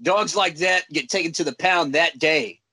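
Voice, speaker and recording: A man's voice: on the high side, moderate pace, sharp tone, breathy edge. A man cutting into a casual chat with pointed, joking questions.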